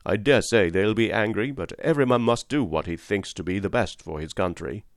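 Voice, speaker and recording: A principled cab driver and father with a low, grave voice, firm and moralizing, as a male reader voices him. The sound is close and dry. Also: a little fast, no room sound, lightly acted.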